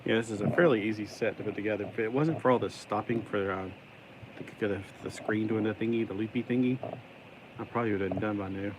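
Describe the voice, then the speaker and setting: Male hobby vlogger, low-pitched, chatty rambling build commentary over steady background noise. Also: fast talker. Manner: rambling, talks to himself, sings and jokes while building; puts on a stuck-in accent today. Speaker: YouTuber building a LEGO set.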